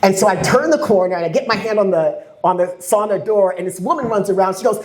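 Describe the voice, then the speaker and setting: Animated woman speaking to a room. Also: medium pitch, moderate pace, roomy sound, noisy background. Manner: animated, acts out quoted voices, laughs often. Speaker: panelist. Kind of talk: impassioned panel talk with storytelling. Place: community event hall.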